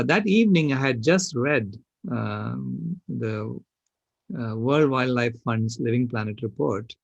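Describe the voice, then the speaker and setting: An older man on a panel, telling a personal story with animated, emphatic delivery. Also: medium pitch, gravelly, breathy edge, no room sound, muffled recording. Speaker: panel speaker.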